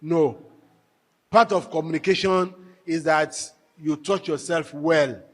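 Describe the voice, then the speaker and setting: High-voiced man lecturing in an echoing hall. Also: takes it slowly. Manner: animated storyteller, emphatic repetition. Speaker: marriage workshop speaker. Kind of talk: lecture to a live audience. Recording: echoey hall with long reverb.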